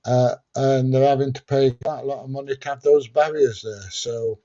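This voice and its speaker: A man's voice: medium pitch, steady tone, normal speed, warm tone, muffled recording. A man hosting a casual livestream, reading out viewer questions and answering them plainly. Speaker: livestream host answering chat. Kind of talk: casual chat.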